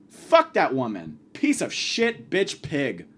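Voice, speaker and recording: A man delivering a profane comedic rant, abrasive and insulting, swinging from yelling to muttering. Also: fairly high pitch, wildly swooping pitch, slow. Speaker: comedic ranter.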